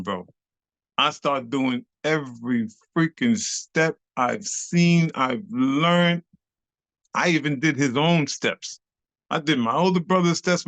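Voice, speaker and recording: A middle-aged man, a club dancer telling a lively, slangy story as an interview guest and acting out the voices of the people in it. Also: medium pitch, no room sound. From New York City. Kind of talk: animated storytelling.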